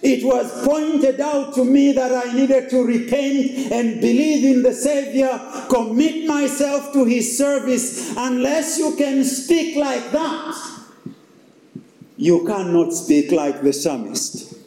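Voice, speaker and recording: Slow, high-voiced preacher in an echoey room. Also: male voice, warm tone. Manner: emphatic, repetitive preaching with rhetorical questions. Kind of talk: sermon.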